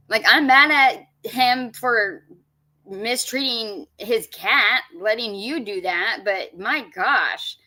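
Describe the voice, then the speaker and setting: Bright-voiced woman, sarcastic reaction commentary. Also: a little high, slow pace. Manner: sarcastic, blunt, mocking asides.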